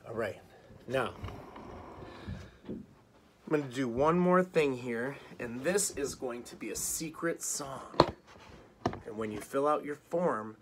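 Guy music teacher doing a kids lesson online, slow and patient, little faint noise behind. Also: medium pitch, animated. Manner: slow, patient, sings and chants rhythm games.

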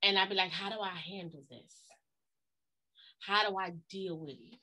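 A woman's voice: mid-range voice, steady tone, normal speed, bright, forceful tone. A woman co-pastor giving a preaching-style talk on a livestream, emphatic, folksy and blunt, leaning on repeated catchphrases.

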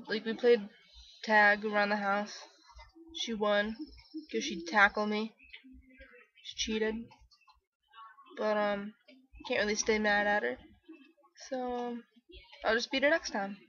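A woman's voice: medium pitch, fairly bright tone. A young woman chatting casually on a home vlog, sleepy and rambling with lots of fillers. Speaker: vlogger. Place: bedroom at home. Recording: dull lo-fi webcam audio.

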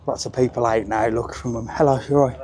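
A man's voice: medium pitch, fairly even intonation, brisk, a little mellow. A man walking and talking into his phone on a seaside promenade, chatty and cheerful as he live-streams. His voice sits in an ordinary middle register for a man. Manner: chatty and upbeat, chats with passers-by. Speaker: travel vlogger. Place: outdoors on a busy seaside promenade.

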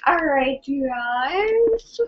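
A woman hosting a casual live stream, reading viewer comments in an excitable, scattered and giggly way. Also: sits high, drawn-out words, highs cut off.

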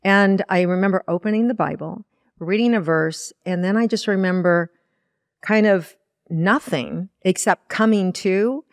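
Woman, spiritual teacher, interview guest, earnest and animated storytelling, medium pitch, dry sound. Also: unhurried, no echo. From Iowa. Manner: earnest, animated retelling with quoted inner dialogue. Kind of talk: personal storytelling in a podcast interview.

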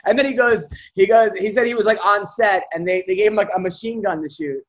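Podcast host, man with a high voice, animated storyteller, dull lo-fi sound. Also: fast talker, hardly any pauses. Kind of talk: casual storytelling chat.

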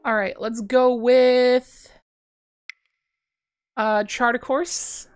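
A woman's voice: fairly high pitch, extremely slow, smooth, faint music behind. Chatty woman narrating her card game. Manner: chatty, thinks aloud, bursts of excitement. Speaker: gameplay streamer. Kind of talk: casual play-by-play commentary.

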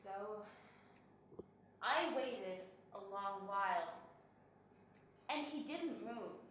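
A frazzled, volatile woman, played by an actress, unloads her story to a support group in a halting, uneasy drama monologue. Her voice is bright and a touch high, and she takes her time between words. She sounds far from the mic in a very echoey room. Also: animated, slight background noise. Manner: halting, uneasy storytelling that swings between quiet and sudden outbursts. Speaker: self-help group member. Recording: roomy echo, distant microphone.

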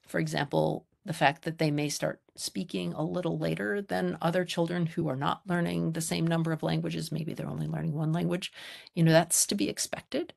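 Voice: medium pitch, creaky, darkish tone. A lecturer on child language research giving an informal public talk over a video call, explaining in a conversational, reassuring way.

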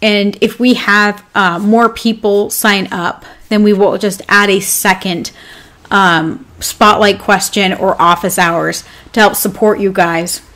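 A woman's voice: medium pitch, steady tone, slow, a bit bright. Chatty upbeat woman coaching live. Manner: chatty, upbeat, rambling with fillers. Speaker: pet grooming business coach. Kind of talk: casual live class talk. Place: home with her dog nearby.

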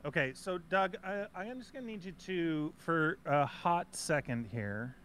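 A man's voice: a little high, expressive, normal speed, a bit bright, a little hiss or hum. A man co-hosting a casual chat show, joking and stumbling over repeated words while he works. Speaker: co-host.

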